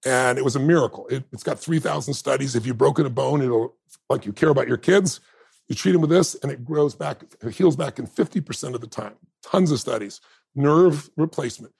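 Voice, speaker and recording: Gravelly, husky-voiced man telling a story. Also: mid-range voice, a little fast, a little mellow. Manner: acts out quoted dialogue, laughs often. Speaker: interview guest. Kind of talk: animated storytelling in conversation.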